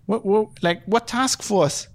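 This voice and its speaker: A man's voice: high voice, slow pace, gravelly. A man hosting a podcast, ranting in exasperated, profane bursts full of restarts and fillers. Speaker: podcast host.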